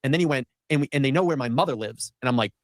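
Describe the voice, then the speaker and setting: Fast-talking man telling a rambling story. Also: mid-range voice, no echo, studio quality. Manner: rambling, acts out quoted lines. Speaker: host. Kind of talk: casual storytelling chat. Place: studio.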